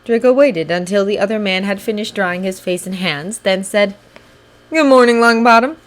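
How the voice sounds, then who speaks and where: A woman reading fanfiction aloud in a steady, even audiobook narration. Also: medium pitch, moderate pace. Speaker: fanfiction reader.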